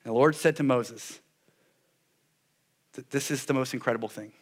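A man preaching a sermon in an animated way, with sarcastic asides, dropping his voice low for solemn points. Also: normal speed. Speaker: pastor.

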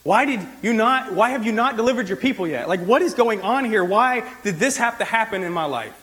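A male preacher voicing an anxious, reluctant leader who pleads and complains in a whiny, high voice. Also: expressive, brisk, fairly bright tone, in a large hall. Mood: complaining.

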